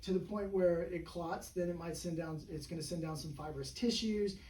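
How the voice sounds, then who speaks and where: A man's voice: fairly high pitch, normal speed, a little mellow. Rambling man in an echoey room. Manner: rambling storyteller, full of "you know" and "right?". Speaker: chiropractor. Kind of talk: casual interview chat. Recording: echoey room, mic at a distance, faint background hum.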